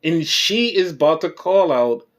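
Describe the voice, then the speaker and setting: A man hosting a podcast, recapping wrestling shows in a rambling, profane and animated way. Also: fairly high pitch, a little slow. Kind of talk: casual chat.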